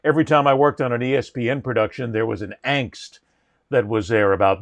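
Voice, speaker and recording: A man's voice: mid-range voice, a little fast, dry recording. A man hosting a sports podcast, talking in an opinionated, mocking way. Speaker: host.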